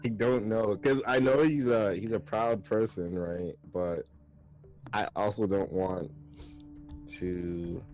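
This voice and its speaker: Deep-voiced hesitant man playing a game. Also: steady tone, slow, a little mellow, soft background music, rough recording. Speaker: player.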